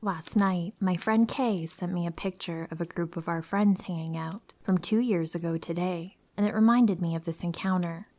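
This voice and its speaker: A young woman calmly reading true horror stories aloud for sleep, slipping into hushed, whispery stretches. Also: fairly low pitch, normal speed, hardly any pauses. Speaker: narrator reading listener stories. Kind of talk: soft scripted storytelling for sleep.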